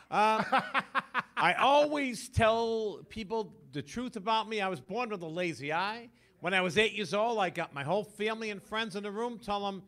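A man in his sixties performing a stand-up comedy set, with punchy delivery of one-liners and jokes. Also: sits high. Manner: punchy joke delivery, bursts into loud sung parody.

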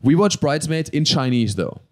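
A man tells a story at a rapid clip. His delivery is rambling and full of fillers and swearing. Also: a little high, animated. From Germany. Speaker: podcast guest. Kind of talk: casual storytelling.

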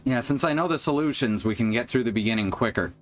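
A man's voice: mid-range voice, fast, music in the background. A man streaming a video game live, chatting to viewers with casual, wry commentary.

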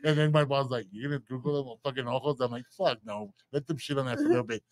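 A man, co-hosting a podcast and telling a profane, animated story in casual chat. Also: mid-range voice, fast, no room sound. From San Antonio, Texas. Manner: profane, animated storyteller doing quoted voices. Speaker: podcast co-host.

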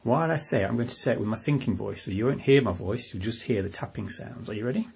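A man leads a home music lesson for a small child, keeping his tone encouraging and sing-song. His voice carries a gravelly edge at a middling pitch. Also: animated, quick pace, darkish tone. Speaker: parent teaching music to a child.

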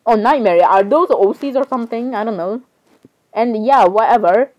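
A woman's voice: on the high side, normal speed, darkish tone, dull audio. Giggly, rambling young woman. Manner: rambling, giggly, self-interrupting. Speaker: vlogger. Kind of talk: casual chat over screen browsing.

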